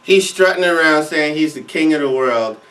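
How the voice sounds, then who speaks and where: A man's voice: on the high side, moderate pace, fairly bright tone, recorded from a distance. A man co-hosting a reaction show, commenting casually in a heated, emphatic way with frequent repetition.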